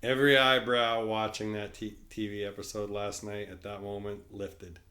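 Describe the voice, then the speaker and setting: A man's voice: on the low side, flat delivery, normal speed, bright, forceful tone. Man giving wry asides. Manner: wry commentary, dry asides. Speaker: podcast co-host. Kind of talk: casual recap chat.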